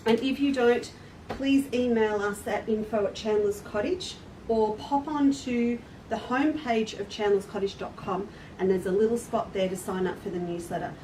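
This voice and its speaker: A woman's voice: mid-range voice, moderate pace, mellow. Woman, chatty live-stream host, roomy echo, off-mic. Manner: chatty, friendly, laughs at herself. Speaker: quilt shop owner hosting a live stream. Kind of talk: casual live demonstration talk. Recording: roomy echo, distant mic, faint noise.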